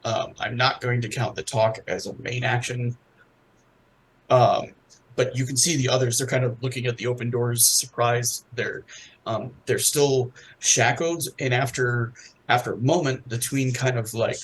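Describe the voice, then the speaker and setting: A man narrates a tabletop game as its game master, in a halting, unhurried way with frequent pauses. Faint room ambience sits behind his voice. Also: medium pitch, steady tone, slight background noise, low-quality recording. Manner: hesitant, full of ums and restarts.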